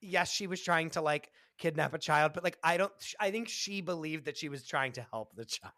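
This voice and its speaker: Podcast co-host, earnest and rambling with lots of fillers, mid pitch, dry close sound. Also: brisk, sharp tone, no room sound. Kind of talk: casual chat.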